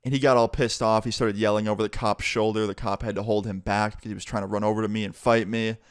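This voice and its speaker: A young man telling a storytime vlog in a casual, animated way, swearing freely, recorded on a close mic. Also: fairly low pitch, fast, smooth, dry recording. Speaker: vlogger.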